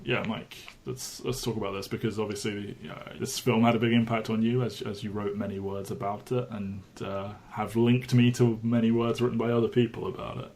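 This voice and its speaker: A man's voice: fairly low pitch, little pitch movement, fairly quick, hardly any pauses, darkish tone, slight background noise. A man co-hosting a podcast, talking casually about films with many restarts and fillers. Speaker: podcast co-host. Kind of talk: casual film discussion.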